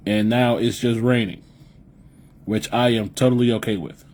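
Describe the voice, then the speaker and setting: A man's voice: medium pitch, fairly even intonation, moderate pace, a little mellow, slight background noise. A young man from the US Midwest hosting a live podcast, chatting loosely and profanely with viewers and repeating himself as he rambles. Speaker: podcast host reading live chat. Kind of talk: casual live-stream chat.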